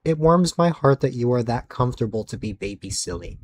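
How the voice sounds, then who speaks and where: A man's voice: medium pitch, lively intonation, brisk, a little mellow, a little hiss or hum. A man streaming late at night, chatting casually with viewers, sleepy and rambling, losing his words.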